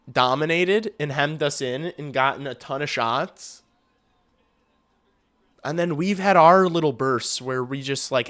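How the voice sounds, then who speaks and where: A man hosting a hockey livestream, calling the game in casual play-by-play and getting loud and excited on big chances, with some swearing. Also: a little high. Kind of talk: casual live play-by-play commentary.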